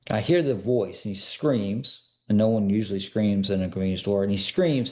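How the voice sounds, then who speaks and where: A man's voice: lowish voice, normal speed, hardly any pauses, warm tone. A man, a personal security expert, speaking as a podcast guest and telling stories in an earnest, emphatic way, pressing listeners with repeated questions. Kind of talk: storytelling in a casual interview.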